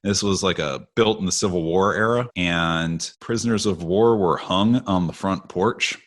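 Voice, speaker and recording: A man from the United States, co-hosting a podcast, telling a family story in an animated, casual way. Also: low voice, normal speed. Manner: animated storyteller, acts out quoted voices with laughs. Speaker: podcast co-host.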